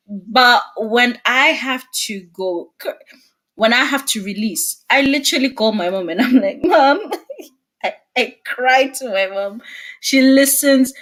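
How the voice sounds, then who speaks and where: A young woman speaking as a guest in a casual video-call interview, expressive and laughing often. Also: fairly high pitch.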